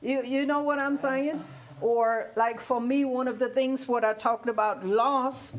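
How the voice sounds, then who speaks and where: A woman's voice: sits high, fairly even intonation, unhurried. A woman in her fifties who learned English as a second language, talking through a topic in a conversational way, laughing often and checking whether you hear her. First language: not English. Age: 50s. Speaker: guest speaker on grief. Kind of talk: conversational teaching talk.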